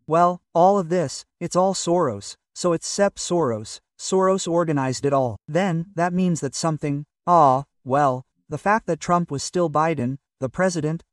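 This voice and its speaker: A man's voice: on the high side, dry recording, clean studio sound, far from the mic. An older man from Russia, a magazine publisher, talking in a hesitant, rambling way full of fillers in a casual interview.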